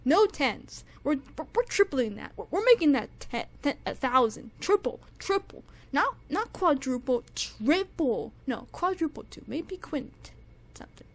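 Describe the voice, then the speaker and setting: A young woman giving an excited, casual music review, gushing and repeating herself with lots of fillers and restarts. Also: high voice, a little slow.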